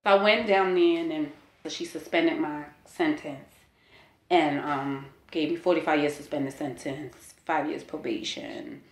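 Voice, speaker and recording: A woman's voice: deep voice, fairly even intonation, measured pace, reverberant, a little hiss or hum. A woman in her forties telling a personal testimony in a candid, earnest way, full of "you know" and "like". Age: 40s. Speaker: interviewee sharing a personal testimony. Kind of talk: emotional personal storytelling.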